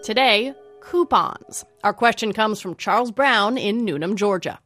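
A woman hosting a radio business program, presenting in a crisp, measured way. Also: mid-range voice, a bit bright, faint music behind. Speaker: radio news host.

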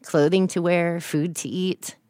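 A woman's voice: on the low side, steady tone, measured pace, a little mellow, clean tone, no room sound, clean studio sound. A woman from Texas, speaking as an interview guest, telling her own story in a casual, candid way.

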